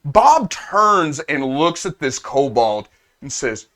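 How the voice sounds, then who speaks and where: A man narrating a tabletop role-playing game as game master. His delivery is slow and unhurried, with a lively, varied pitch. He describes the scene in a loose, casual way.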